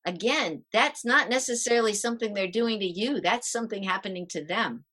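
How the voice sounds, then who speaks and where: A middle-aged woman with a bright, forward voice explains calming tricks as a podcast guest. She talks in a lively, hands-on way and acts out each step as she goes. Her pitch sits in an ordinary middle range. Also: fairly quick. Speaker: parenting coach.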